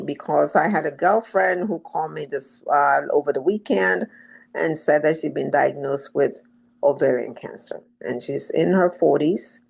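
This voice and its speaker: Woman, radio guest, gravelly fry, lecturing and emphatic, repeats words. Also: low voice. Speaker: radio guest, health coach. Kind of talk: radio interview talk.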